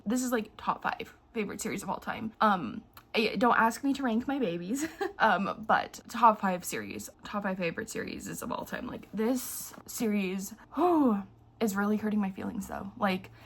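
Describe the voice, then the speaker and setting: Young woman, book vlogger, emotional, teary, rambling, husky, gravelly. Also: medium pitch. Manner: emotional, tearful, rambling with many fillers. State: teary from crying. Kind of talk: casual vlog chat.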